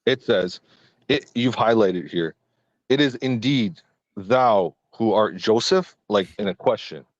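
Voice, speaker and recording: A man debating as a guest in a live online stream, speaking in a measured, careful way and insisting on his turn. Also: on the low side, lively intonation, no echo, lo-fi sound.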